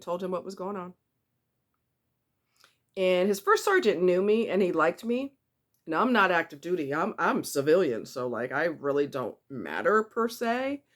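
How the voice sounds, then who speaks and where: A woman telling a personal story in a casual vlog, blunt and emphatic, repeating herself for stress and speaking straight to the viewer. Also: on the low side. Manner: candid and conversational, with asides to the viewer.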